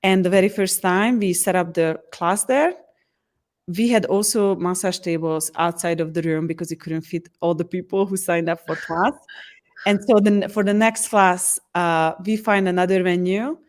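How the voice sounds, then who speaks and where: A woman's voice: on the low side, normal speed. A woman, an empowerment coach answering interview questions in an earnest way, often restarting her sentences. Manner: earnest, frequent restarts, lively acted quotes.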